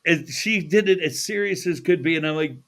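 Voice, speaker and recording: A man's voice: on the high side, brisk, fairly bright tone. Laid-back, foul-mouthed male podcast host. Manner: laid-back, swears freely, laughs often. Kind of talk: casual chat. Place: studio.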